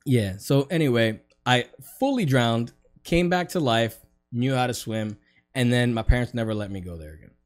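A man's voice: mid-range voice, moderate pace, soft background music. A young man telling loose, joking stories as a podcast guest in casual chat. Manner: loose, joking storyteller with lots of fillers.

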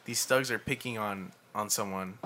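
A young man co-hosts a casual podcast, telling animated stories packed with swearing and laughter. His voice is fairly low and he speaks at a normal speed.

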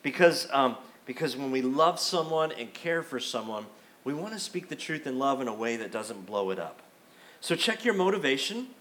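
A man's voice: mid-range voice, very animated, normal speed, fairly bright tone, slight background noise. A middle-aged man preaching a sermon as a pastor, conversational and emphatic, acting out quotes in the middle of his points. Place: church sanctuary.

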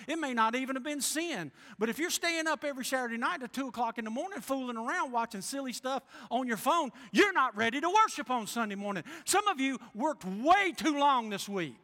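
A man's voice: extremely high pitch, pushed and bright, long reverb tail. A male pastor preaching a folksy sermon, acting out voices. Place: church.

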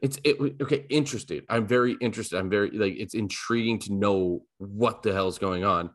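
A man co-hosting a casual sports podcast, talking in halting, restarting sentences. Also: on the low side, a bit bright. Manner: halting, restarts often with fillers. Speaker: podcast co-host.

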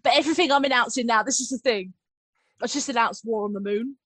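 A woman's voice: on the high side, quick pace, fairly bright tone, no echo. A woman, a guest on a podcast, talking casually with lots of ums and likes and frequent laughs. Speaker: guest, audio drama producer and writer.

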